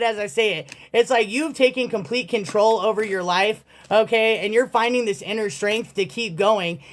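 A tarot reader giving a casual reading with blunt, profane, sassy talk. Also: medium pitch.

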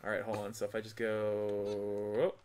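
A man commentating a video game in a loose, offhand way. He swears often, laughs at his own jokes and bursts into shouts when things go wrong. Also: on the low side, completely flat delivery, measured pace. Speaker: gaming channel host. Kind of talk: casual let's-play commentary.

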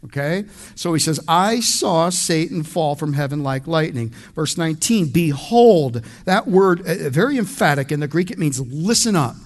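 A man's voice: fairly high pitch, animated, moderate pace. A man from the United States preaching an expository sermon as pastor, emphatic and conversational, speaking straight to his congregation.

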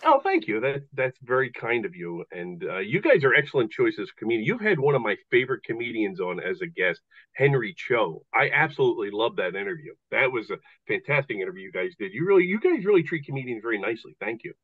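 Man in his fifties, lively swooping pitch, phone-thin video call sound. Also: slightly rough. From Philadelphia. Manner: animated, self-deprecating, quick restarts. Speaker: comedian guest. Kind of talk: casual interview storytelling. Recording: tinny phone-like call line.

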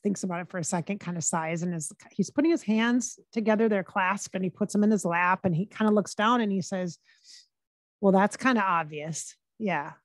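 A woman working as a psychic medium, talking casually and relaying quotes in her own plain voice with frequent pauses and restarts. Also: medium pitch, dry recording. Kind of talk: casual channeling session monologue.

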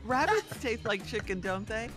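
A woman's voice: a little high, animated, normal speed, over music. A woman co-hosting a morning radio show, playful and asking questions in studio banter. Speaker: radio co-host.

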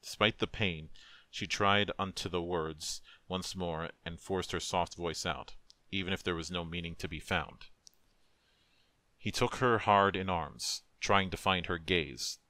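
A man who is a streamer reads a dark fantasy story aloud with a solemn, emotive, measured delivery into a close microphone. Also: deep voice, no echo. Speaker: narrator, streamer. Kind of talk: dramatic story reading.

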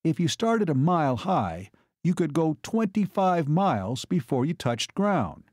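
A man's voice: a little high, sing-song, unhurried, a little mellow, no room sound, studio quality, pitched above the performer's own voice. A man voicing a keen male glider pilot, explaining and giving orders in an audiobook. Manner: explaining, then urgent.

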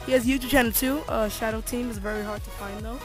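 A woman filming herself on a handheld camera outdoors during a ball game, chatting excitably with lots of apologies and restarts. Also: on the high side, quick pace, over music. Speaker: channel host filming a game. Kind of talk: casual handheld vlog commentary. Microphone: handheld camera held while playing.

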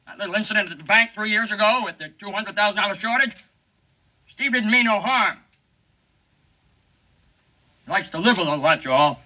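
A man in a 1950s film comedy putting on a shifty male campaign pitchman with glib, folksy patter. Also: normal speed, pauses often, pushed and bright, exaggerated voice, low-quality recording. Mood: pleading. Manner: glib, folksy, over-earnest sales patter.

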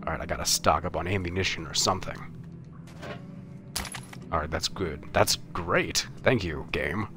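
Low-voiced rambling young streamer man. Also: music in the background. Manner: rambling, self-mocking, halting. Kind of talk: live game commentary.

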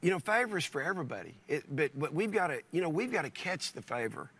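Animated bright-voiced male pastor. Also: fairly high pitch, fast talker, breathy edge. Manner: animated, repeats words and restarts often. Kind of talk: storytelling in a conversation.

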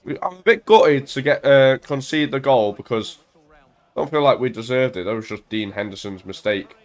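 A young man casually commentating on his own football video game at home into a desk mic, full of banter and bursting into shouts when his team scores. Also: mid-range voice, moderate pace. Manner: excitable, banter-filled, shouts at goals. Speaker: gaming YouTuber.

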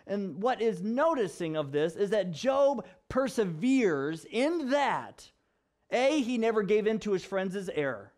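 A male pastor giving a casual vlog sermon, animated and wry, acting out the quotes he tells. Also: sits high, a little slow. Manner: animated, sarcastic asides, acts out quotes.

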